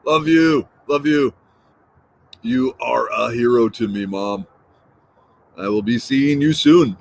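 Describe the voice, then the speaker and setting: A middle-aged man in his fifties hosts a casual early-morning live stream, greeting viewers and answering their comments. He talks in a relaxed, playful way, repeats words and drifts between thoughts. His voice sits in an ordinary middle pitch. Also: slow, creaky, slight background noise, low-quality recording.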